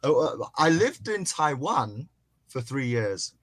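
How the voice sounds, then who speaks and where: A man's voice: medium pitch, slow pace. A man from northern England chatting casually with friends over a video call, laughing often. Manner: laughs often, lively storytelling. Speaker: podcast co-host. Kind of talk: casual chat.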